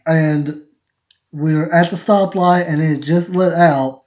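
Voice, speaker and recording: The podcast host here has a fairly high, darkish voice with fairly even intonation, and he takes things slowly. On a casual live stream he tells rambling family stories, laughing and restarting mid-sentence; the sound quality is lo-fi and dull.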